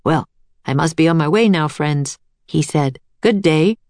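A woman's voice: sits low, unhurried, darkish tone, no room sound. A woman reading aloud, voicing a cheerful, gracious and rather boastful master artist in a storybook. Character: grand, cheerful man, an older artist genius.

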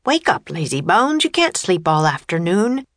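A woman's voice: on the low side, brisk, dry recording, studio quality, close to an everyday voice. A woman voicing a friendly, upbeat teenage boy sorcerer in a storybook reading. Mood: cheerful.

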